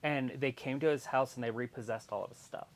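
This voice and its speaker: Male co-host, gravelly, casual, animated storyteller on a live fan stream. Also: mid-range voice, fairly quick. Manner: animated storyteller, swears freely, sings off-key snippets. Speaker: co-host of a wrestling watch-along stream.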